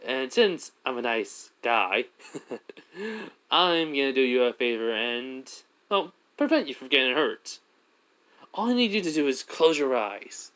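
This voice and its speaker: A man's voice: mid-range voice, very animated, measured pace, fairly bright tone. A man voicing a cheerful, playful young male student who talks chattily in a raised voice. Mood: friendly.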